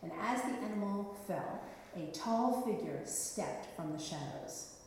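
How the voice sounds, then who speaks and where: A woman storyteller relating an old legend in a reflective way, dropping gently wry asides. Her voice sounds distant from the mic and washes around a long, reverberant hall. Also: medium pitch, lively intonation, unhurried, slight background noise. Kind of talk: telling a myth. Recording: echoey hall, mic far off.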